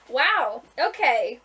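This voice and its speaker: A woman's voice: very high-pitched, fairly bright tone, poor audio. A woman author in a casual vlog, reading aloud from her own book, chatty and often breaking into giggles. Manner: giggly, keeps breaking into laughter; chatty, with many fillers and restarts.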